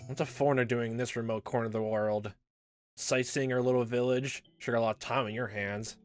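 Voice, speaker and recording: A gamer voicing a blunt, rude young village boy while reading a visual novel aloud, with gruff, curt, mocking lines and faint game music behind. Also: medium pitch, steady tone, brisk, pitched below the performer's own voice, close to an everyday voice.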